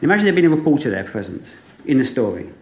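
A man preaching a sermon, retelling a parable with vivid, animated storytelling and frequent rhetorical questions. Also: medium pitch, quick pace. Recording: echoey room.

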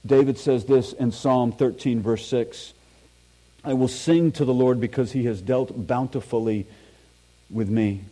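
A man preaching a sermon into a microphone in a church. His voice is mellow and warm, with earnest emphasis as he reads scripture aloud and drops in self-deprecating asides. He speaks at a middle pitch. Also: fairly even intonation, unhurried, low-quality recording. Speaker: pastor.

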